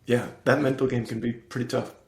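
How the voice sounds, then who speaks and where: A man's voice: mid-range voice, little pitch movement, a little fast, a little mellow, roomy sound. A man in his thirties, a podcast guest talking candidly and earnestly, acting out his inner voice with sudden raised tones. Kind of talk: candid conversational interview.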